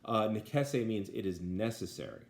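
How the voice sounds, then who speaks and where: Low-voiced man teaching Latin vocabulary. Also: normal speed. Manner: patient, repeats each word twice, many fillers. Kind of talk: vocabulary lesson.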